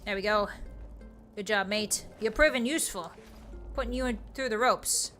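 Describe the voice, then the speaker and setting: Bright, excitable woman streamer. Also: mid-range voice, faint music behind. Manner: excitable, quick to exclaim, playful pirate talk. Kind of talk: casual gameplay commentary.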